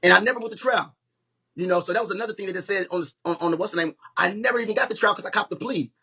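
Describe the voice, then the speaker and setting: Man, husky and fairly high voice, live-stream storyteller, heated and profane. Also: rapid-fire, bright, forceful tone. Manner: heated, profane, emphatic retelling.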